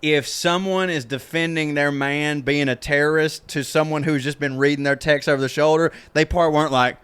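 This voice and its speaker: A man co-hosting a podcast in casual chat, chiming in with quick reactions and joking asides, in a theater green room. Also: a little high, steady tone, fairly bright tone, clean tone. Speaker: podcast co-host.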